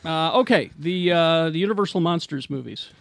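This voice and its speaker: A podcast host with a slightly higher, gravelly voice, leading a rowdy chat among friends. He stops and restarts a lot while lining up the next topic. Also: normal speed. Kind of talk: casual comedy chat.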